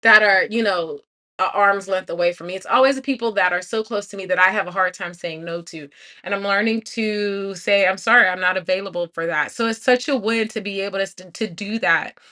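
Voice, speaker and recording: Lady in her 40s, crisp bright voice, gushing encouragement to her live chat. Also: medium pitch, brisk. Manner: warm, encouraging, effusive. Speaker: livestream host.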